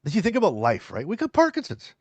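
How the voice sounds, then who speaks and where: A man's voice: sits high, huge pitch swings, quick pace, darkish tone, no room sound, lo-fi sound. A man co-hosting a live show, chatting casually and reading viewer comments aloud. He rambles, repeats himself and laughs easily. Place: live stream.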